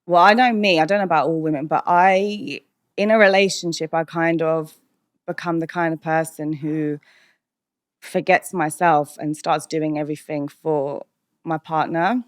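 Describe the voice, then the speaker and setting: A woman's voice: low voice, steady tone, moderate pace, dry recording, clean studio sound. A British woman DJ talking candidly as a podcast guest, chatty and full of "like" and "um", laughing often. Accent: British English.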